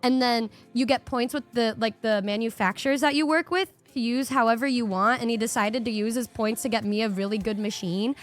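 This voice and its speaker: A young woman streamer telling a story to her audience in a casual, animated way, swearing freely and acting out her reactions. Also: a little high, brisk, few pauses.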